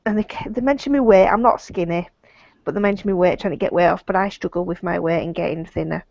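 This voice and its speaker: A woman's voice: fairly low pitch, fast, vocal fry, a little mellow, no room sound, dull audio. A woman with a Yorkshire accent, chatting plainly as a caller on a video call. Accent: Yorkshire English. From Yorkshire, England. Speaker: caller seeking healing. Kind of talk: casual chat.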